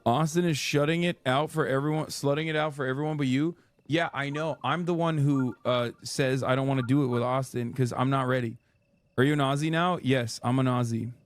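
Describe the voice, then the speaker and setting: A man's voice: medium pitch, fairly even intonation, fairly quick, a little hiss or hum. A man streaming live, chatting casually and reacting to chat with lots of swearing. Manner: profane, chatty, reads chat aloud.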